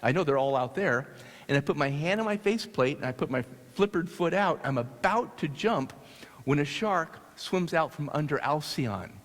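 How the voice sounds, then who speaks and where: Animated man telling a story in a hall. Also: a little high. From United States. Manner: animated, halting with restarts. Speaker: speaker. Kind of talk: storytelling talk. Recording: long hall reverb.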